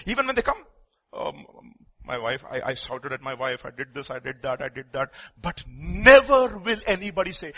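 A man preaching a sermon, reading scripture aloud and questioning his listeners, swinging between loud declarations and hushed confiding. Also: a little high, big pitch swings, normal speed, slightly rough. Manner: reads scripture aloud, asks the congregation questions.

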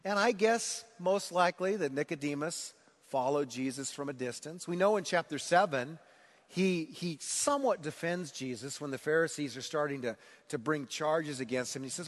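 Male pastor, lively emphatic sermon delivery, slightly high voice, reverberant hall. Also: brisk. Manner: animated, builds to emphatic preaching.

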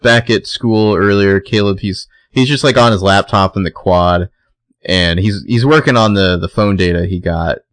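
A man's voice: sits low, moderate pace, fairly bright tone, no room sound. A man co-hosting a podcast, recapping a TV episode in casual chat, loose and filler-heavy, laughing often. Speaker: podcast co-host.

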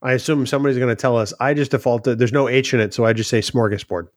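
A man's voice: medium pitch, fairly even intonation, racing, dry recording. A man co-hosting a podcast, bantering and teasing his partner with dry jokes. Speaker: podcast co-host. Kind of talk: casual banter.

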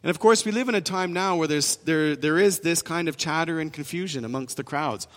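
A man's voice: fairly high pitch, fairly quick, fairly bright tone. Preaching man in a reverberant church hall. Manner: earnest, repetitive preaching with frequent restarts. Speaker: pastor. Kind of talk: sermon.

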